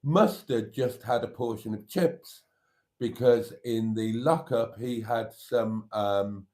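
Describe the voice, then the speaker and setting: Relaxed male host for casual live-stream chat. Slow, easygoing pace, rambles happily between viewer comments. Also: medium pitch. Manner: chatty, rambling, reads viewer comments aloud.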